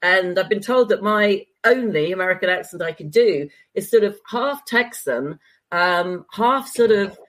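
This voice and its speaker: A middle-aged woman from the UK with a standard British accent, a former journalist chatting as a guest, chatty and quick to laugh. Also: medium pitch, expressive, a bit bright. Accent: standard British (BBC English). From United Kingdom. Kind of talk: casual interview chat.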